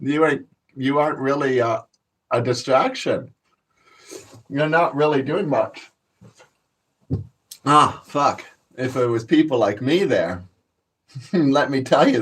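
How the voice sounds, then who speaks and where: A medium-pitched, slightly rough voice belongs to a Canadian channel host. He regales viewers with profane, boastful tales in a casual rant, laughing a lot along the way.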